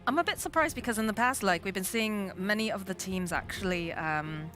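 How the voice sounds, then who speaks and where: A woman on live esports commentary, her voice bright and lively at a middle pitch. She keeps putting questions to her co-casters and chimes in with quick reactions. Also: faint music behind. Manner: inquisitive, asks co-casters questions.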